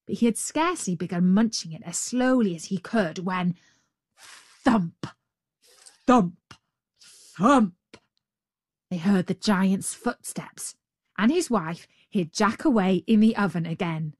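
A woman reading a fairy tale aloud, slow and rhythmic, building up her repetitions. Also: medium pitch, a little mellow, no echo, studio quality. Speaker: storyteller.

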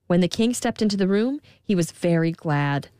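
A woman telling a fairy tale in scripted narration, expressive, giving the girl a higher voice. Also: normal speed, clear, resonant tone, dry recording, studio quality. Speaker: storyteller.

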